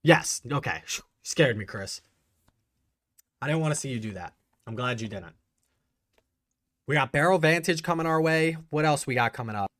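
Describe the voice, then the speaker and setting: A man hosting a casual livestream, chatting excitedly and answering viewers' messages. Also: mid-range voice, moderate pace, long pauses, no room sound, studio quality. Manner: chatty, reads and answers live chat, excitable. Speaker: bourbon channel host.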